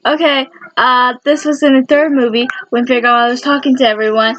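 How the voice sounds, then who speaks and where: A woman with a high voice runs through a casual fan countdown, rambling eagerly and often stopping to correct herself. The recording is dull and lo-fi, with a faint hiss of noise underneath. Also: fairly even intonation, fast, a bit bright. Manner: rambling and enthusiastic, with many self-corrections. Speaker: fan video creator.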